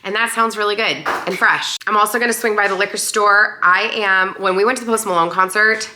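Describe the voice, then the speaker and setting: A young woman with a hoarse, deep and raspy voice, chatting casually and upbeat in a lifestyle vlog. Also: fairly even intonation, fairly quick, noisy background. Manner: chatty, upbeat, many fillers. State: hoarse, voice partly lost. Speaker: lifestyle vlogger.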